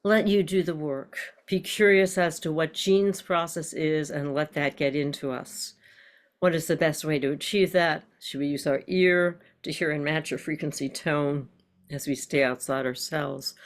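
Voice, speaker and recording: An older woman teaches an online voice class in a low, grounded voice. She explains breath and posture reflectively and breaks into tongue-twisters and nonsense syllables to demonstrate.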